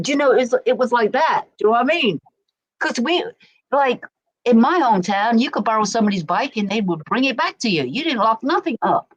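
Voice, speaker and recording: A woman's voice: fairly high pitch, expressive, brisk, low-quality recording. A middle-aged woman from England with a Berkshire accent, chatting casually on a stream and often asking "do you know what I mean". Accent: English, Berkshire. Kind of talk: casual chat. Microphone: desk mic.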